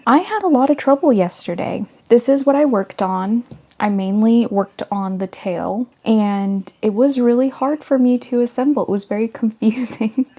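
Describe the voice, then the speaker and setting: A woman's voice: medium pitch, mellow. A woman vlogger talking casually and earnestly through her crafting progress. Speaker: crochet vlogger. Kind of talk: casual vlog voice-over.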